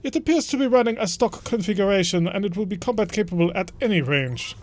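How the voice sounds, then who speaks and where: A man's voice: high-pitched, lively intonation, fast talker, voice pushed up. A man voicing a male mission briefing officer while reading game dialogue aloud.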